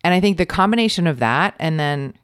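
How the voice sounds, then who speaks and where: Brief: forties woman host, low and smooth tone, soft-spoken and thoughtful, dry close mic. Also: lively intonation, fairly quick, no echo. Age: 40s. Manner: soft, reflective, thinks aloud. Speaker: podcast host. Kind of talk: casual conversation.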